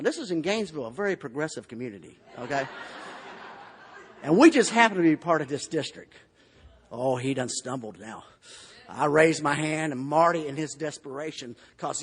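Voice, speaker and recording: Southern guy telling his story with jokes, pretty high voice, big echoey convention hall. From Florida. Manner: folksy, humorous storytelling. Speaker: AA convention speaker. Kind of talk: recovery testimony talk. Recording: long hall reverb.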